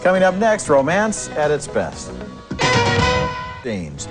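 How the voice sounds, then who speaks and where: A man's voice: fairly high pitch, wildly swooping pitch, slow pace, over loud music. A man co-hosting a TV film review show, speaking in an eager, enthusiastic way. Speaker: film critic, co-host.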